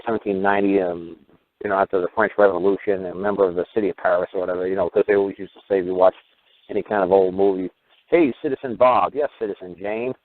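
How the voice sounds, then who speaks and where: Low-voiced man on tinny radio. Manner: rambling, acts out dialogues with sudden pitch jumps. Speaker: radio show host. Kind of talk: call-in radio talk. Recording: tinny phone-like radio audio.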